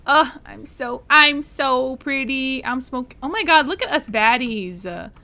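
A woman's voice: sits high, big pitch swings, moderate pace, creaky, pushed and bright. A young woman, chatting and giggling through a game as she streams it. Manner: chatty and giggly, talks to the game characters and chat. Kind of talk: casual gameplay commentary.

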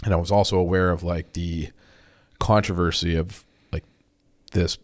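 A young man co-hosting a podcast, chatting in an easygoing way with lots of "like" and quick agreements. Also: low voice, flat delivery. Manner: easygoing, conversational, frequent "like" and backchannels. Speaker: podcast co-host. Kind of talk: casual podcast chat.

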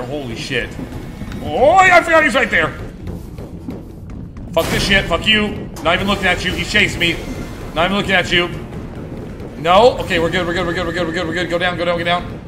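A man streaming a horror game, swearing and reacting in panic, with game music playing behind him. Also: sits high. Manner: panicked swearing, screams and repeated exclamations. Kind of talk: live horror game commentary.

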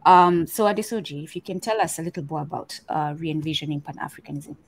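Female co-host, low-set voice, chatty and searching, leads the panel. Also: fast talker, slightly rough. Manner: conversational, searching, reads passages aloud. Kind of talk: panel discussion on a podcast.

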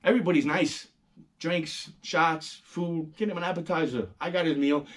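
A middle-aged man hosts a casual monologue in a husky, slightly high voice. His pitch swings widely as he tells stories, swears freely and acts out other people's lines. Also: normal speed. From New York. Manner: animated, profane storytelling, acting out quoted voices. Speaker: host.

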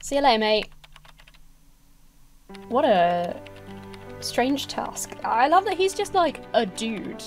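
A woman's voice: fairly high pitch, big pitch swings, faint music behind. A woman giving sarcastic, swear-filled commentary while playing a video game. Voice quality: sarcastic, swears, quick to laugh. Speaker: let's play commentator. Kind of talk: gameplay commentary.

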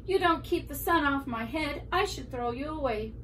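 A woman's voice: high-pitched, lively intonation, normal speed, fairly bright tone. A woman voicing an elderly man who scolds his old hat and fusses to himself, recorded from a distance with faint room noise. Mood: fussing.

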